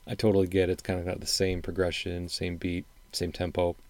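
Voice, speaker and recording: A middle-aged man with a faint upper Midwestern American accent hosts a casual solo show. His voice sits low and warm, recorded dry and close with no room around it. He talks in a loose, thoughtful way, full of restarts and fillers. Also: monotone, fairly quick, dry recording. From Wisconsin, upper Midwest US. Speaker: podcast host reviewing songs.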